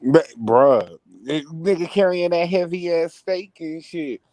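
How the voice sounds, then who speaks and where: A man on a casual live stream, joking loudly, swearing a lot and laughing between rants. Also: a little high, expressive, unhurried, no room sound. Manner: loud, profane, laughing, riffs into mocking voices. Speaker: podcast co-host.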